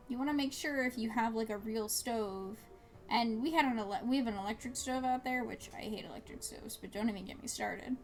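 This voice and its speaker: Young woman streamer, slightly high voice, rambling casual chat over faint game music. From New Jersey. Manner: chatty and rambling, frequent fillers and little laughs. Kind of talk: casual chat while gaming.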